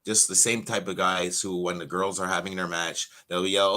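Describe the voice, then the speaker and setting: Pro wrestler, male, blunt and foul-mouthed, bright edge to a lowish voice. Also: little pitch movement, moderate pace, hardly any pauses. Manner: profane, blunt storytelling. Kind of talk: casual livestream rant.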